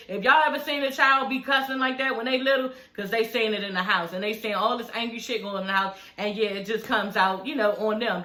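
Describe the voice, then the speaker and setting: Woman rambling thru a reality show recap, cussing a lot, kinda high bright voice, echoey room. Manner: chatty, blunt, profane commentary. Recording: roomy echo.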